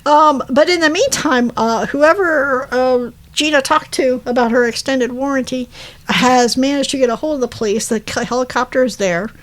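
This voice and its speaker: A woman's voice: sits high, moderate pace. A woman casually recapping a movie plot, rambling with fillers, self-corrections and laughing asides. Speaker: podcast co-host.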